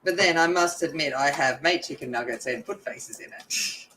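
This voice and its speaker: A woman's voice: low-pitched, fairly quick, sharp tone, a little hiss or hum. A woman chatting casually and telling rambling stories while she colors at home. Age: adult. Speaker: coloring channel host.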